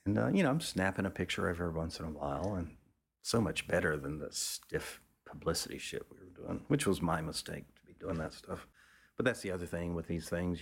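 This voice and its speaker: Low-voiced man telling a rambling story. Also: gravelly, husky. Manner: rambling, with frequent restarts and casual swearing; acts out other people's lines in a raised pitch. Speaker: photographer telling a story as interview guest. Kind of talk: casual anecdotal storytelling.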